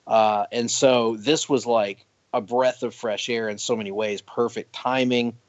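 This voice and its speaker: A man chatting casually on a podcast, an animated storyteller who laughs often and keeps restarting his sentences. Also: mid-range voice, a little slow, no room sound. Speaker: podcast guest. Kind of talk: casual chat. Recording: dry muffled podcast audio.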